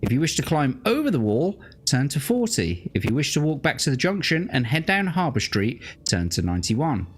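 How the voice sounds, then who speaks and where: A man narrating a gamebook adventure, his pitch rising and falling with plenty of movement. His delivery is casual and unpolished. He swears freely and laughs often between passages. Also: big pitch swings, normal speed, hardly any pauses, slightly rough. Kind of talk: reading a gamebook aloud with banter.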